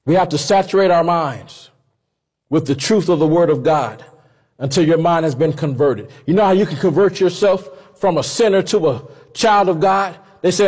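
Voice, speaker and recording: A man preaching a sermon in a conversational, animated way. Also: fairly high pitch, a little fast, breathy edge, in a large hall. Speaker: pastor.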